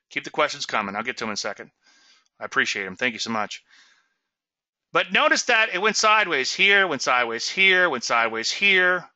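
A man hosts a trading webinar in a bright, animated voice. He drives points home in a folksy, emphatic way. The sound is dry and a little dull, like lo-fi audio. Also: mid-range voice, dry recording. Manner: emphatic, folksy, repeats "okay?" and "so what?". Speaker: trading show host. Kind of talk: webinar teaching on charts.

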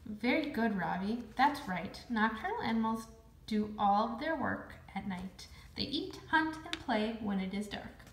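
A woman's voice: fairly high pitch, expressive, unhurried. A firm, patient schoolteacher from a children's storybook, as a woman reads her lines aloud. The sound is roomy, with an echo around it. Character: strict female schoolteacher.

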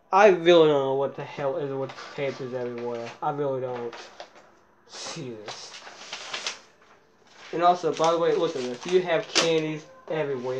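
A man's voice: a little high, noisy background. Jittery swearing young man vlogging. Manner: jittery, swears often, mutters to himself; soft baby talk to his cat. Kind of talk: casual handheld vlog narration.

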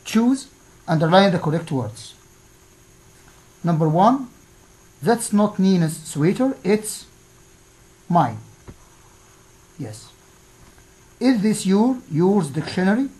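Slow, deliberate woman teacher. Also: lowish voice, animated, warm tone, rough recording. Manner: slow, deliberate, pausing after each answer. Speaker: English teacher. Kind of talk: classroom lesson, reading exercise answers aloud.

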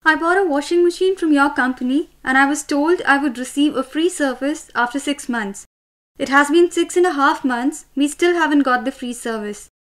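A woman voicing a fed-up customer phoning in a complaint. Her voice is high and her Indian-accented English sounds indignant. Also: normal speed, lightly acted. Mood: annoyed. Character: woman customer, annoyed about missed service.

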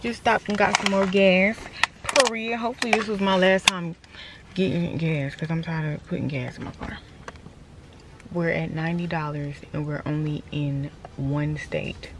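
A woman's voice: fairly low pitch, steady tone, normal speed. A woman vlogging casually from her car on a long road trip, talking to herself and her dog with lots of swearing. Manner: chatty, profane, talks to herself and her dog. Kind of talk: casual driving vlog. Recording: dull lo-fi audio with loud road noise.

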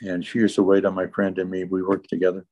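A man's voice: deep voice, completely flat delivery, quick pace, warm tone, highs cut off. A man sharing his recovery testimony as an interview guest, telling the story earnestly and in close detail.

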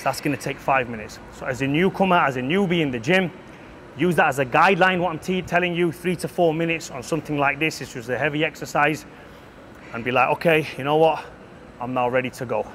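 A man's voice: fairly high pitch, fairly bright tone, a little hiss or hum. A man coaching a gym workout, brash and profane, lecturing bluntly between heavy sets in a gym.

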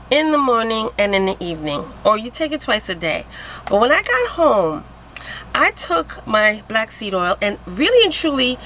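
A woman vlogging to camera in an excited, giddy way, exclaiming and laughing. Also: mid-range voice, slight background noise, low-quality recording. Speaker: vlogger selling wellness products. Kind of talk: excited casual vlog to camera.

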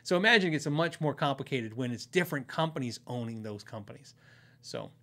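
A man's voice: medium pitch, lively intonation, fairly quick, pushed and bright. A man hosting a podcast, telling stories in a rambling, casual way and chuckling often. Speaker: podcast host.

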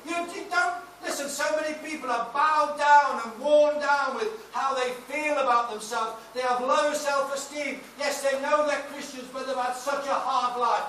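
A man's voice: extremely high pitch, steady tone, moderate pace, hardly any pauses, slight background noise. Emphatic older male preacher, echoing hall. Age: 60s. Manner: emphatic preaching with anecdotes and shouted praise. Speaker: pastor. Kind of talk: sermon. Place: large church hall. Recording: echoey hall, mic off at a distance.

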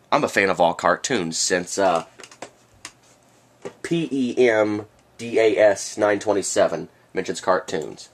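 A vlogger with a low, fairly bright voice delivers a rambling, sarcastic rant to camera, punctuated by sudden outbursts. He has the hiccups throughout this ranting monologue.

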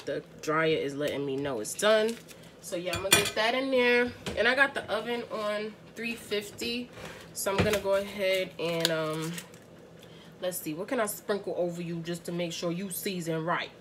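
A young woman from the Bronx talks casually through her family dinner in a home kitchen, speaking right to her viewers and laughing often. Her voice sits at a middle pitch. A clear layer of background noise runs under her voice. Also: normal speed. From the Bronx, New York. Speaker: family vlogger cooking dinner. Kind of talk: casual cooking vlog chat.

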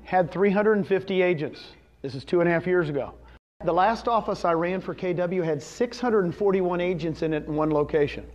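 A man's voice: high-pitched, a little fast, darkish tone. A man in his fifties giving a presentation to a live audience, telling a personal story and asking the room questions. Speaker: real estate presenter. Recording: dull lo-fi recording.

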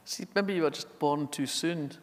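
Man chairing the Q&A, measured and high-pitched, long hall reverb. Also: a little hiss or hum. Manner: reads questions aloud, measured. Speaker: event chair. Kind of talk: moderating audience questions.

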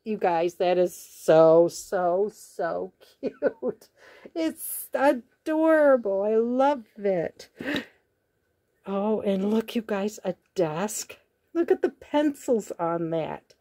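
Woman crafting vlogger, twang, unhurried and mellow, gushes and gasps over every little find. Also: mid-range voice, no echo. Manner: gushing, gasps often with delight. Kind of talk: casual unboxing chat.

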